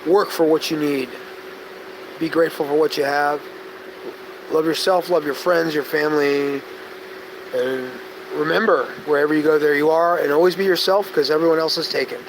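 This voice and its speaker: A man with a slightly high voice talks through a loose, rambling live-stream chat. He drifts between stories, loses his thread, and sometimes drops into a soft, gentle tone. The hum of air conditioning and passing traffic is plainly heard behind him. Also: moderate pace. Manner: tangential, storytelling, loses his train of thought; gentle, soft-spoken when calming people. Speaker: vlogger.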